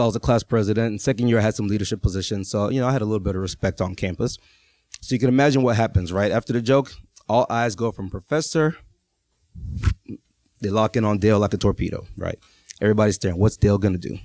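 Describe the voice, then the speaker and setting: A man's voice: fairly low pitch, a little mellow, no room sound. A man in his thirties from Texas telling a personal story to a live audience, chatty and often checking in with his listeners. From Texas, USA. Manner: conversational, keeps checking in with the audience.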